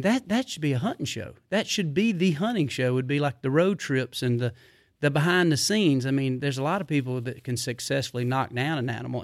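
A middle-aged man, telling rambling stories in a casual, animated way, full of fillers. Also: medium pitch, no room sound, studio quality. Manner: rambling, animated, drawling Southern speech with repeated fillers. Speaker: podcast guest. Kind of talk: casual storytelling.

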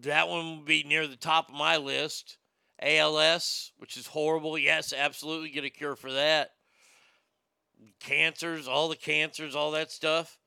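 Bright, crisp-voiced man riffing irreverently. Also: fairly high pitch, level tone, unhurried, no echo. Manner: irreverent, joking, stammers and restarts. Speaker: show host reading news and chat comments. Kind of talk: casual commentary.

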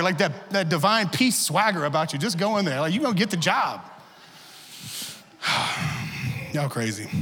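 A male pastor giving a lively, conversational sermon full of humor in a church. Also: high-pitched, big-room sound. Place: church sanctuary.

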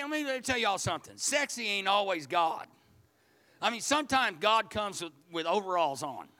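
A man's voice: high voice, pushed and bright. A man preaching a sermon, telling a personal story in a folksy, repetitive way. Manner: folksy, storytelling, repeats words. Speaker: pastor.

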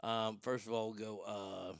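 A man's voice: lowish voice, little pitch movement, moderate pace, gravelly, clean tone, no echo, clean studio sound. A man hosting a comedy podcast, ranting off the cuff in a crude, rambling, self-mocking way. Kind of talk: improvised comedic rant.

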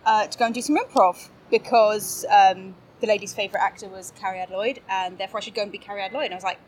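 A woman's voice: mid-range voice, fairly even intonation, fast talker, a little hiss or hum. A woman guest on a podcast, chatting casually and laughing often as she pokes fun at herself. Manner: bubbly, laughs often, self-mocking. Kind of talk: casual interview chat.

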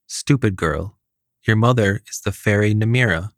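A small, cruel fairy mother sneers her words out slowly and deliberately, as a man puts her on while reading the tale. Her voice sits low and sounds dry and close. She talks with open contempt. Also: no echo, lightly acted. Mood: scornful. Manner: snarling, contemptuous, slow and deliberate.

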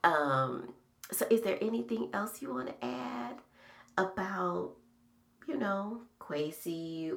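A middle-aged woman with a low, gravelly voice, talking slowly. She hosts a podcast and shares memories in a soft, reflective manner. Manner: slow, soft-spoken, reflective storytelling. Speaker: podcast host. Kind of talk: casual heartfelt conversation.

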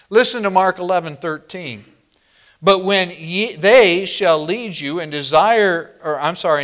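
A man's voice: on the high side, a bit bright. A man from the northern Midwest of the US preaching a sermon, a pastor who teaches verse by verse and asks the congregation questions.

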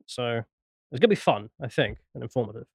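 A man's voice: mid-range voice, animated, a little fast, creaky, husky, no room sound, studio quality. A young British man hosting a casual podcast, chatty and self-mocking, often laughing at himself. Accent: British English. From Britain. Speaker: podcast host.

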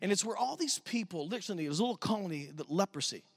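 A man preaching a sermon at a church service, telling stories in an animated, emphatic way as a youth pastor. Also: sits high, rapid-fire. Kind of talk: sermon storytelling.

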